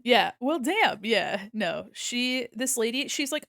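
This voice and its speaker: A woman's voice: fairly high pitch, lively intonation, moderate pace, fairly bright tone, no echo, studio quality. A young woman streaming while she draws, chatting casually, rambling, laughing often and swearing freely. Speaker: art streamer. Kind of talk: casual live-stream chat while drawing.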